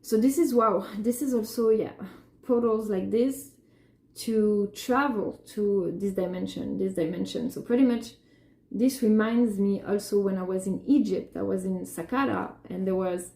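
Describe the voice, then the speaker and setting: A woman talks through her artwork and her feelings in a loose, rambling personal monologue, her thoughts doubling back on themselves. Her voice is mellow and a little gravelly. The room around her sounds echoey. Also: medium pitch, measured pace. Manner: rambling, emotional, many restarts and "like". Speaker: artist talking about her work.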